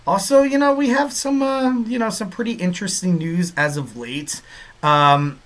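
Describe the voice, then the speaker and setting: A man hosts a casual podcast in a bright, forward voice that sits a little high. He rambles cheerfully, leaning on fillers and pet phrases as he goes. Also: normal speed. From Southern California. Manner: rambling, upbeat, lots of fillers and repeated catchphrases. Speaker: podcast host.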